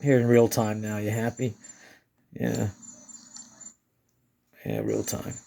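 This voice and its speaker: A man's voice: mid-range voice, little pitch movement, slow pace, gravelly, mellow. Giggly man narrating his own footage. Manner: giggly, breaks into laughter; rambling with restarts. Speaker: amateur moon filmer. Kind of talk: casual excited commentary.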